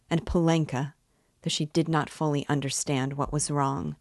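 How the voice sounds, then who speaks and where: A woman reads a classic novel aloud with a low, unhurried voice. Her delivery is measured and deliberate, and the recording is dry and close. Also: dry recording. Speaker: book club guide. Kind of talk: audiobook reading of a classic novel.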